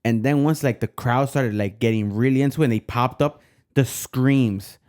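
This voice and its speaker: A young man, co-hosting a podcast in casual chat, animated and quick to swear. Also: mid-range voice, clean tone. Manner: animated, swears freely, sings snippets in Spanish. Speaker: podcast co-host.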